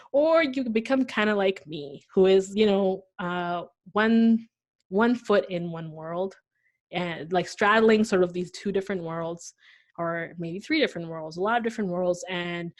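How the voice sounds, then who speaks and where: With a voice on the low side, a young Pakistani woman appears as a guest on an interview podcast. She relates her story with conversational liveliness, imitating the voices of those she quotes.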